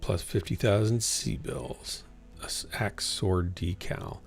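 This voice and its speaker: A man's voice: fairly low pitch, animated, moderate pace, gravelly, husky, soft background music. A man chatting casually to a small chat while playing a game on a livestream, rambling to himself and sometimes yawning. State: yawning, tired. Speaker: livestreaming gamer.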